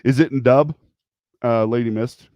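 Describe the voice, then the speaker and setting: A man's voice: medium pitch, steady tone, normal speed, darkish tone, no room sound, highs cut off. A man with kids hosting a casual livestream, rambling, restarting sentences and laughing often. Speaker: livestream host.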